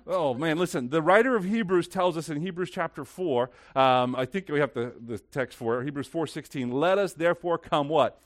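A man preaching a sermon as pastor, swinging between loud, lively stretches and hushed, slow ones. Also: a little high, no echo, clean studio sound.

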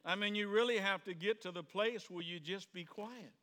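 A male pastor gives a sermon in a church sanctuary, talking to his congregation in a loose, conversational way. His voice is bright and a little high, and he slips into the voices of the people in his stories. A long reverb from the hall trails behind his words. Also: moderate pace. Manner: conversational, plays out quoted voices, rises to sudden shouts.

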